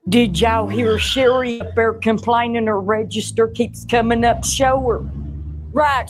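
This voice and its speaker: A woman acts out a gossiping Southern store greeter with a high, bright voice and a thick Southern US drawl. She tosses out blunt remarks in a chatty comedy sketch. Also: a little hiss or hum, close to an everyday voice.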